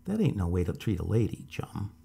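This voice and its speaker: A man voicing a big, rough man who speaks in a blunt, jeering way. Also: sits low, sing-song, brisk, dark tone, full character voice.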